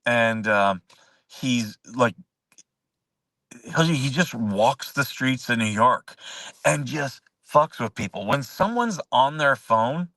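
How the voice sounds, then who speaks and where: A man's voice: mid-range voice, expressive, takes it slowly, fairly bright tone, dry recording, recorded from a distance, low-quality recording. A man hosting a casual talk show, rambling through stories with many fillers and restarts. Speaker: show host. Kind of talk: casual storytelling chat.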